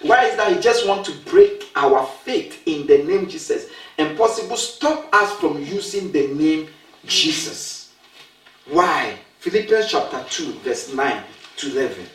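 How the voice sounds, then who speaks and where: Recorded from afar in a roomy space, a preacher speaks emphatically, posing questions and repeating key phrases. The medium-pitched, slightly bright voice moves at a measured pace with lively intonation.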